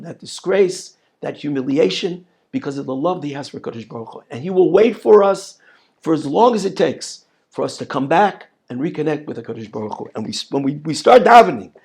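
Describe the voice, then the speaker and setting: Emphatic, gravelly male rabbi. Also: a little high, darkish tone. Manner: emphatic, repeats words, rhetorical questions. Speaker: rabbi teaching on prayer. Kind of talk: Torah lesson.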